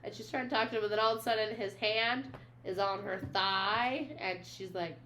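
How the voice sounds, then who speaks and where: A woman's voice: medium pitch, fairly even intonation, normal speed, sharp tone, slight background noise. Casual woman recapping a book. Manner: retells scenes, reading quotes aloud, many "she's like" fillers. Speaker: podcast co-host.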